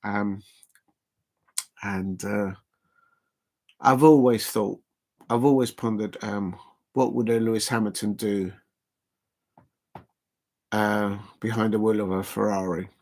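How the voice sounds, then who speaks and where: A man's voice: lowish voice, steady tone, slow pace, pauses often, darkish tone. A man hosting a casual live stream watch-along, rambling and chuckling as he chats to viewers.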